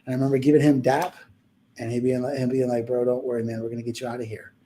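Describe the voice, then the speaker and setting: A man's voice: mid-range voice, level tone, fast, dark tone, slight background noise. A young man telling a personal story in a casual podcast chat, rambling and heartfelt, acting out the people he quotes.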